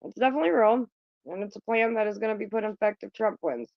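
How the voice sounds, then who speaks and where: Casting: woman host, lively swooping voice, blunt and profane, casual chat, dry dull phone sound. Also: medium pitch, fast talker, vocal fry, no echo. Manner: blunt and profane, chatting with viewers. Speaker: livestream host.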